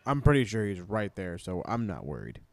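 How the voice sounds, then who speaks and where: A man's voice: sits low, very animated, a little fast, no room sound. A man co-hosting a casual wrestling podcast, laid-back and swearing, acting out wrestlers' lines for laughs. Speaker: podcast co-host.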